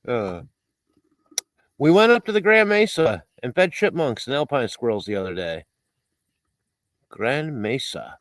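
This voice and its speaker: A man's voice: medium pitch, no echo. A man hosting a livestream, chatting casually and reading out viewer comments, rambling and poking fun at himself with frequent laughs. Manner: rambling and self-mocking, with frequent laughs and fillers. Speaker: livestream host.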